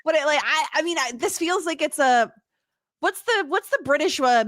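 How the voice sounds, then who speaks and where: A woman's voice: sits high, moderate pace, no echo, clean studio sound. A woman from the United States co-hosting a podcast in casual chat, laughing often. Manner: chatty, laughing, lively asides. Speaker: podcast co-host.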